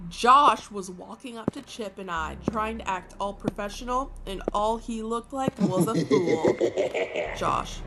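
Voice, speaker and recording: A woman's voice: medium pitch, expressive, a little slow, very noisy. A woman reading a fan story aloud in a playful way, breaking off for joking asides and laughing at her own reading. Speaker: channel host reading fanfiction.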